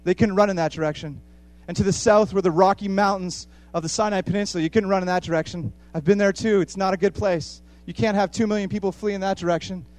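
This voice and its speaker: A man preaching a sermon with passion, repeating phrases for emphasis and swinging between hushed and loud. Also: high voice, steady tone, quick pace, hardly any pauses, soft background music.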